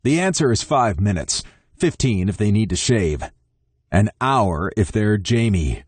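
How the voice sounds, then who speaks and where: A man's voice: fairly low pitch, expressive, unhurried, darkish tone, no echo. A man narrating a romance audiobook in first person, wry and conversational.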